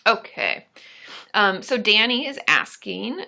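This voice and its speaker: A woman's voice: medium pitch, slow pace, vocal fry, bright, forceful tone. A woman therapist hosting a live stream, giving supportive advice in a chatty, casual way and joking with her partner. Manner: chatty, supportive, casual filler-heavy talk; laughs and jokes with her partner. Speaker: licensed therapist and channel host.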